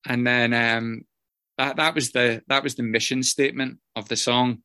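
A man sharing a personal story with a group in a rambling, self-mocking way, swearing often and filling pauses with ums. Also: medium pitch, steady tone, sharp tone, clear, resonant tone, no echo, studio quality. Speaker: guest speaker sharing his story. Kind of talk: casual personal share to a group.

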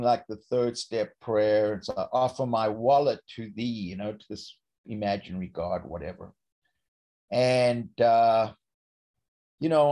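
An older man from South Africa telling a personal recovery story, halting often and repeating words as he restarts his sentences. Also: mid-range voice, a little mellow. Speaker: speaker sharing a recovery story.

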